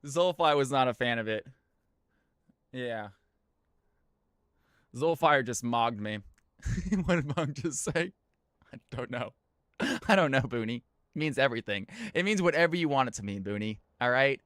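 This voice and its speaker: A male streamer chatting playfully with viewers and shoutcasting a custom game with hype. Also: mid-range voice, animated, a little slow, long pauses, dry recording, studio quality. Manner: playful, joking, laughs often, turns hype when casting. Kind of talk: live stream chat and esports play-by-play.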